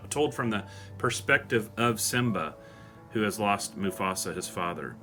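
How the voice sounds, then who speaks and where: A man's voice: lowish voice, animated, unhurried, fairly bright tone, faint music behind. A man hosting a devotional show, speaking earnestly and with emotion. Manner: earnest, emotional, reads song lyrics aloud. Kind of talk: devotional talk.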